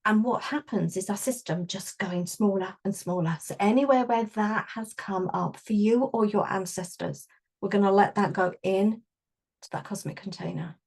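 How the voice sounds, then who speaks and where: Woman, workshop leader, gentle conversational guidance, mid-range voice. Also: medium pitch, moderate pace, vocal fry, husky. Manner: warm conversational explaining with gentle affirmations. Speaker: energy healing workshop leader. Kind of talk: guided workshop teaching.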